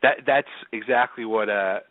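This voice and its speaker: A man's voice: lowish voice, normal speed, no room sound. A man with a Philadelphia accent hosting a casual interview, asking rambling questions full of fillers. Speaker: interview host. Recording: dry, phone-like line.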